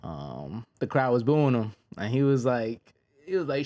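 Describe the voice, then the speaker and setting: A man casually reviewing fight results in a laid-back, slangy way, with frequent pauses. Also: medium pitch, sing-song, mellow. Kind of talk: casual reaction commentary.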